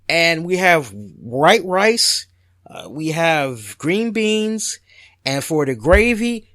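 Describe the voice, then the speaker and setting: Podcast host, man: animated, loose, profane storyteller; slightly high voice, dry sound. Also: dry recording. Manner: animated, swears freely, doubles his words. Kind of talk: casual storytelling rant.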